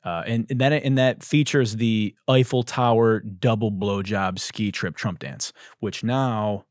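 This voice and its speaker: A man's voice: on the low side, steady tone, a little slow, no room sound, clean studio sound. A man hosting a comedy podcast, delivering a mocking satirical monologue. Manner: ranting, mocking, shouts and laughs.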